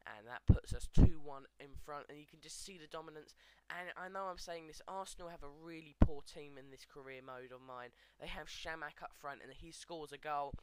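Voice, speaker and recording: A man hosting a gaming video, giving casual, chatty commentary over match highlights and talking straight to his viewers. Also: a bit bright, clear, resonant tone, no echo. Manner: chatty, addresses viewers as guys, frequent fillers.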